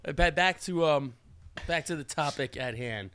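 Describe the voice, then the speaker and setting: A man's voice: on the high side, moderate pace, fairly bright tone. A man co-hosting a podcast who stammers through teasing questions in casual chat. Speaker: podcast co-host.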